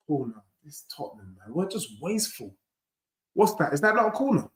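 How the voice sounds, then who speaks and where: A young man hosts a live football watchalong, reacting to every moment with slangy banter. His voice sits a touch high, and the recording has a roomy echo. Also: very animated, a little fast. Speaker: fan channel host.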